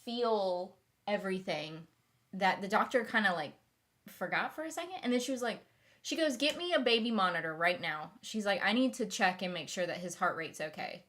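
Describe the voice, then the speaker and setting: A woman's voice: mid-range voice, animated, moderate pace, a bit bright. A young woman telling a long personal story in a casual vlog, rambling with fillers and restarts. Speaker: vlogger.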